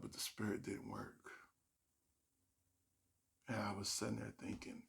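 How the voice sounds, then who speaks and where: A man telling a personal story as a stand-up comedian, animated and acting out the voices of the people in it. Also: medium pitch, moderate pace, creaky, pauses often. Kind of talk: storytime monologue.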